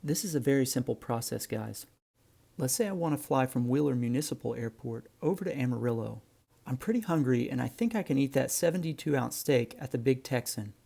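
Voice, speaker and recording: Brief: a male flight instructor with a warm, gravelly voice, explaining in an easygoing way. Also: mid-range voice, fairly quick. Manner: relaxed, friendly explaining, addresses viewers as guys. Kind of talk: instructional narration.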